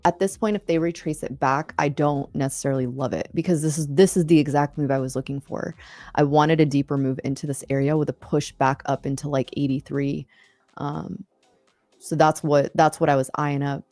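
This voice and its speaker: A woman hosting a live trading stream, analyzing charts quickly and cursing under her breath. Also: deep voice, steady tone, darkish tone, no echo, faint music behind. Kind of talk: casual live trading commentary.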